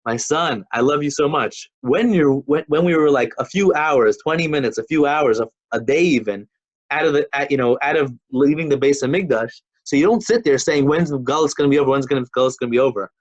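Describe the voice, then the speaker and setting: A man's voice: a little high, brisk, dull audio, lightly acted. A man voicing a father who scolds his impatient son in a raised, insistent, lecturing tone. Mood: earnest.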